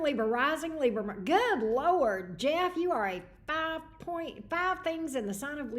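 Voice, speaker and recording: A woman hosting a livestream tarot reading, chatty and greeting viewers by name. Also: high-pitched. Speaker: tarot reader. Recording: echoey room.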